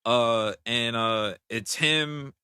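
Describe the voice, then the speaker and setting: Bright-voiced New York man, emphatic slang. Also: medium pitch, very slow, clean tone, dry recording, clean studio sound. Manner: emphatic, swearing, street slang. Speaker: podcast co-host. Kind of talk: casual chat.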